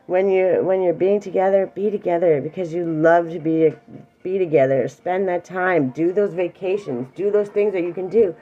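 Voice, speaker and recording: A woman's voice: on the low side, moderate pace, lo-fi sound. A middle-aged woman teaching emotional awareness in a casual, earnest talk, reassuring a viewer directly and sometimes close to tears. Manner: warm, earnest and reassuring, speaks straight to one viewer; emotional, near tears at times.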